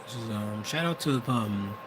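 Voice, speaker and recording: A man's voice: on the low side, expressive, normal speed. A young man from the US Midwest with a Wisconsin accent, talking in a hesitant, rambling monologue full of restarts and self-corrections. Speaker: vlogger. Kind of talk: casual monologue. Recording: vehicle noise in the background.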